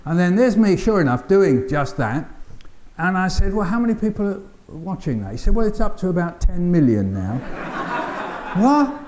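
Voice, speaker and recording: An older man with a London accent delivers a keynote as a storyteller. His voice sits a little higher than most men's. He acts out voices and sounds with a dry, playful humour. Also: sing-song, moderate pace, darkish tone. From England. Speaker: keynote speaker. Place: conference hall.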